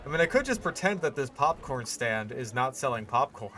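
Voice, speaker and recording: A man's voice: mid-range voice, sing-song, moderate pace, bright, forceful tone, a little hiss or hum. Man musing over his game build. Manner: musing, rambling, lots of fillers. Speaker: gaming channel host. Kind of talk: casual game commentary.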